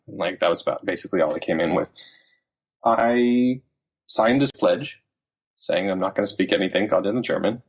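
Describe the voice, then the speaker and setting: A man's voice: low-pitched, a little fast, slightly rough. A man in his thirties, a podcast guest, telling stories in casual chat with lots of fillers and restarts. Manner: animated storytelling with many fillers and restarts.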